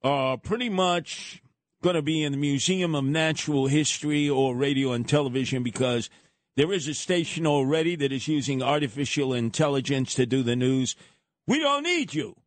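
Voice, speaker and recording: A man's voice: mid-range voice, steady tone, moderate pace, dry recording. A man with a congested head cold, bantering on radio in a mock-pompous, teasing manner. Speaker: radio show host. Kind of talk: comic banter on morning radio.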